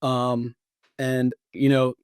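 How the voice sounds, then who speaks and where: A man's voice: medium pitch, completely flat delivery, drawn-out words, smooth, no echo, studio quality. A man in his thirties, a podcast co-host, casually telling a long hunting story with lots of restarts and repeats. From Pennsylvania or Maryland.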